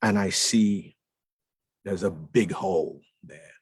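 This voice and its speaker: A man's voice: low-pitched, slow pace, breathy edge, no echo. A man speaking as a guest in a lounge, talking emphatically and repeating words for stress. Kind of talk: conversational talk.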